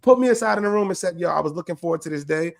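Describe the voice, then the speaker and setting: A man co-hosting a podcast, telling a story in a lively, animated way, full of laughter, slang and swearing. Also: on the high side, racing, gravelly. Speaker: podcast co-host. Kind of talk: casual storytelling chat.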